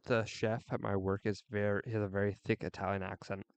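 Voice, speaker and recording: A man's voice: lowish voice, flat delivery, fast, clear, resonant tone, no room sound. A man streaming a game, chatting casually in a rambling, goofy, jokey way. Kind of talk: casual live-stream chat while playing.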